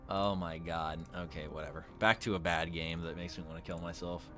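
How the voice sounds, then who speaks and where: Music plays as a man sits at a desk mic giving crude, sardonic let's-play commentary for his gaming channel. His voice sits low with little pitch movement, at a normal pace.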